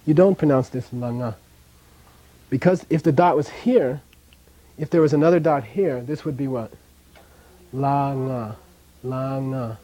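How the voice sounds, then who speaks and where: A man's voice: fairly high pitch, normal speed, no echo, low-quality recording. A middle-aged man teaching a language class in a casual way, often checking in with his students. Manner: relaxed, casual, checks in with "okay?".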